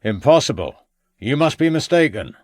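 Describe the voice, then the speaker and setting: A man's voice: lowish voice, lively intonation, moderate pace, fairly bright tone, no echo, studio quality. A man voicing a terse elderly farmer, in an audiobook. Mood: curt. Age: older. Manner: terse, blunt, dropped words. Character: gruff elderly male rural farmer.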